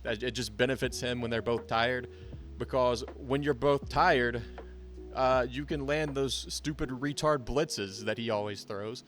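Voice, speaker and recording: A man's voice: medium pitch, fairly even intonation, measured pace, a bit bright, faint music behind. Blunt, profane young man breaking down fights. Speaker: MMA commentator.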